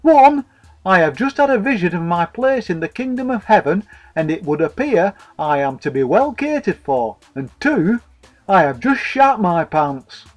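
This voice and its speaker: A man voicing a prim, shaken vicar's wife in a high, quavering falsetto with a stutter. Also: very animated, normal speed, soft background music. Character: prim elderly vicar's wife, shocked and stiff.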